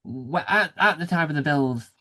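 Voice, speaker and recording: A man with a somewhat high voice hosts a relaxed interview. He asks long, winding questions full of restarts and keeps the talk going with quick "yeah"s. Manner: chatty, rambling questions, frequent short backchannels. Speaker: interviewer, host. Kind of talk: casual interview.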